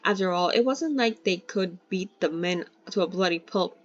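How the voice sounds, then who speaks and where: A woman's voice: on the low side, moderate pace, lo-fi sound. A woman reading a novel aloud in a casual way, stumbling and correcting herself now and then. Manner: reads steadily, breaks in with cheeky swearing asides and self-corrections. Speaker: reader of a novel. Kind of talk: casual read-aloud with commentary.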